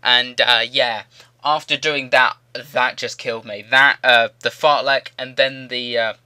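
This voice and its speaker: A man's voice: medium pitch, steady tone, a little slow, sharp tone, clear, resonant tone, no echo. A young man chatting casually to viewers in a gaming commentary, rambling and repeating himself. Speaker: gaming YouTuber. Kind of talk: casual commentary over gameplay.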